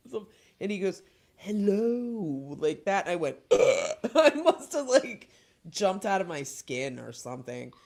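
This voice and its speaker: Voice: medium pitch, normal speed. A talk show host in their forties telling childhood stories in casual chat, laughing often as they go. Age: 40s. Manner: animated storyteller, laughing often.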